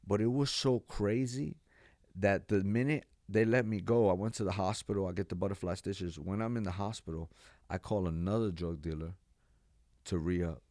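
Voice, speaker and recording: A man from Texas, a pastor and podcast guest, telling his life story in a lively, animated way, acting out what people said and laughing now and then. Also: low-pitched, moderate pace, no room sound, studio quality. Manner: animated storyteller, acts out quotes, laughs often. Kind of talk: storytelling interview.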